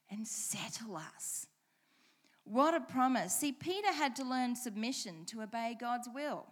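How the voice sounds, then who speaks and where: A woman preaching a sermon, reading scripture aloud and repeating key lines with changing emphasis, asking the congregation direct questions. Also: a little high.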